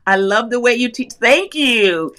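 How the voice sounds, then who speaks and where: A woman's voice: on the high side, animated, a little slow, fairly bright tone. A middle-aged woman from North Carolina hosting a crafting livestream, chatting effusively, laughing often and greeting viewers by where they live. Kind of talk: casual live chat reading viewer comments.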